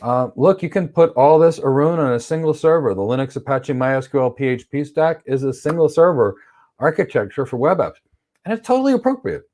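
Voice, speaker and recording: A man teaching cloud certification runs a livestream Q&A, answering viewers' cloud architecture questions bluntly and with strong views. His voice is a typical middle pitch for a man and a little mellow, and he sometimes performs quick examples in playful voices.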